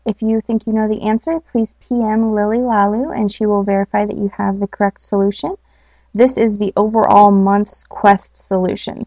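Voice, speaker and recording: A woman's voice: mid-range voice, creaky, dark tone, no room sound. A woman hosting a casual podcast, chatting with lots of fillers and reading a story. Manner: chatty, many fillers, laughs easily. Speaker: podcast host. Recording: dull lo-fi home recording.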